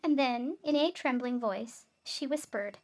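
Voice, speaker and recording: Woman streamer, high voice, reads game text, quick asides between lines. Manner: reads aloud, breaks off for asides. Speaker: streamer reading a game aloud. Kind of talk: reading game text with commentary.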